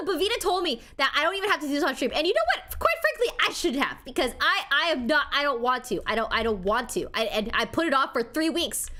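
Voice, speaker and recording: Excitable woman streamer, slightly high voice. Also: moderate pace. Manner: excitable, swings between loud outbursts and quiet mumbling; playfully defensive toward chat. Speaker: live streamer. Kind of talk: casual live-stream chat.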